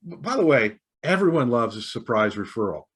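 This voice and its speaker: Husky-voiced man telling a lively anecdote. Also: medium pitch, a little fast. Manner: animated anecdote-telling with laughs and asides. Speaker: podcast guest, author. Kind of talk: storytelling in a podcast interview.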